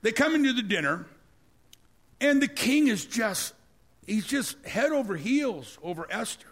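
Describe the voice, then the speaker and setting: A man preaching, telling a story with animated energy and acting out the scenes. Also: high-pitched, a little slow. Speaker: pastor. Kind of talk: storytelling sermon.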